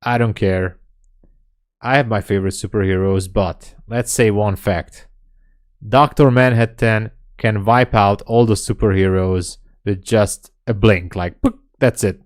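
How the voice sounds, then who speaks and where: A man hosting a live day trading stream, talking casually and reading chat messages aloud as he thinks out loud. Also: lowish voice, fairly even intonation, measured pace. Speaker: day trading livestream host.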